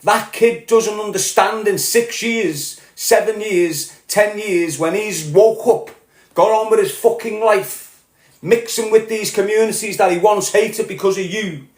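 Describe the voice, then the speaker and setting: A man with a Liverpool accent delivering a heated, profane solo rant as a podcast host, growing louder as he goes. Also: high voice, measured pace, roomy sound. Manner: heated, sweary, rising to shouting. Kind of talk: angry monologue rant.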